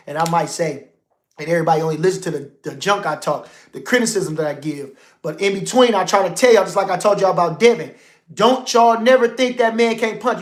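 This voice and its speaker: A middle-aged man hosting a casual livestream about boxing, slangy and animated, swinging from a low murmur to loud outbursts. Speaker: boxing commentator.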